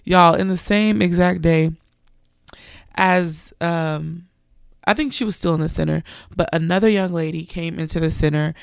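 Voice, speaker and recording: A woman's voice: fairly low pitch, vocal fry, clear, resonant tone, no echo, studio quality. A young woman preacher, giving an earnest sermon testimony and animatedly quoting others.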